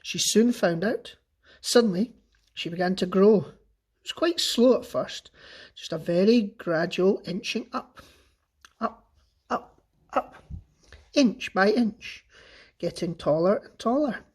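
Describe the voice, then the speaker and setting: Expressive man reading a children's story. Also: high-pitched, slow, pauses often, breathy edge. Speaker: teacher. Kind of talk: reading a children's book aloud.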